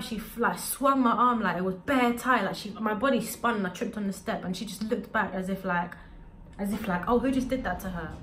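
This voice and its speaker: A young adult woman telling a storytime vlog in an animated, slangy way. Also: medium pitch, a little hiss or hum. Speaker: vlogger.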